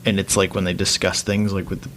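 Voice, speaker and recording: A man's voice: deep voice, level tone, fast talker, fairly bright tone, slight background noise. Sarcastic man bantering on a podcast. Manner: dry sarcastic quips. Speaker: podcast co-host.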